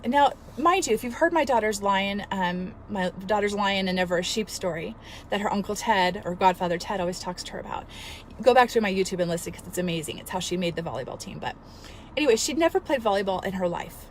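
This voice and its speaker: A woman in her thirties, a fitness coach, telling a story in an earnest, emotional, animated way and giving motivational advice. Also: mid-range voice, fast, a little hiss or hum. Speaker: fitness coach and studio owner. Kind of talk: casual motivational vlog.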